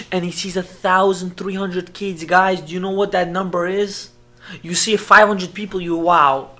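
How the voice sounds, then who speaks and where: A man, a rabbi, telling a story in an emotional sermon. He swings from hushed tones to loud, urgent speech and repeats phrases for emphasis. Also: high-pitched. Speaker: rabbi giving an inspirational talk.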